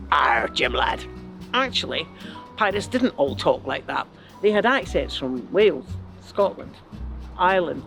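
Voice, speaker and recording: A man's voice: sits high, a bit bright. A man narrating a comic history story with playful, chatty asides to the listener. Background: music.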